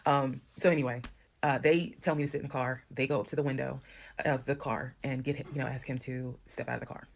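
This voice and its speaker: A woman calmly telling a detailed personal story, acting out what others said. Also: extremely low pitch, fast, vocal fry, slight background noise. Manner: calm, detailed, quoting others. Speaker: storyteller in a video.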